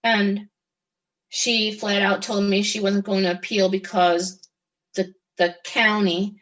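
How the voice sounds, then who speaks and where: A middle-aged woman telling her own story as an interview guest, halting, with frequent restarts and pauses. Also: medium pitch, little pitch movement, fairly bright tone, highs cut off. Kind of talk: personal testimony in conversation.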